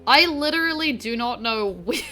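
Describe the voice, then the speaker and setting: Young kiwi woman chatting thru a game stream, bright tense voice, sweary and rambly. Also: fairly high pitch, lively intonation, normal speed, soft background music. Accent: New Zealand. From New Zealand. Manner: rambling, sweary, self-mocking. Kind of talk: casual let's-play commentary.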